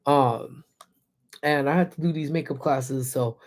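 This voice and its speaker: Slightly hoarse man chatting on a livestream. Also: mid-range voice, steady tone, a little slow. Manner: chatty, greets chatters by name, laughs often. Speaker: livestreamer who also teaches classes. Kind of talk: casual livestream chat reading viewer comments.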